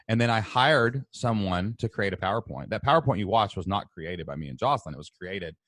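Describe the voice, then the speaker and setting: Animated, talkative man telling stories. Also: lowish voice, fairly quick, dry recording. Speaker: co-host. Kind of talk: casual storytelling chat.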